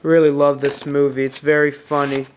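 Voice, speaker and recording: A man's voice: fairly high pitch, level tone, moderate pace, slight background noise. A man casually reviewing a movie on tape, retelling the plot in a rambling way with restarts.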